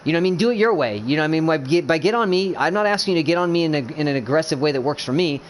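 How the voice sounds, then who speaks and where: A gamer on casual voice chat coaches his team in a racing, animated rush, his slightly high voice backed by a faint hiss. Blunt and profane, he keeps restarting his sentences and rambling, yet earnestly makes sure everyone understands him.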